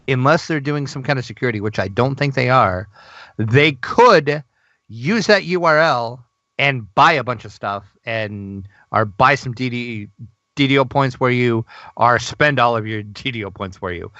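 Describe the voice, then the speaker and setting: Male co-host, excitable and gushy, casual gaming news chat; dry close sound. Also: mid-range voice, no echo, highs cut off. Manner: excitable, gushing, laughs often. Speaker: podcast co-host.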